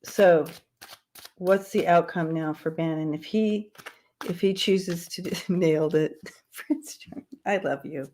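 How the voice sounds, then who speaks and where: Slow, low-voiced chatty woman livestreaming. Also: darkish tone, a little hiss or hum. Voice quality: dyslexia, repeats hard words. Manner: chatty, laughs often, stumbles over long words. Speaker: livestream tarot reader. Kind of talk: casual livestream chat with viewers.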